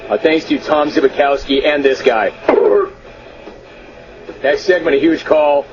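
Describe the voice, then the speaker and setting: A man's voice: fairly high pitch, fairly even intonation, a little slow, music in the background. A man hosting a radio talk show, reading listener emails aloud in a brash, amused, mock-exasperated way. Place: radio studio. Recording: dull lo-fi radio broadcast.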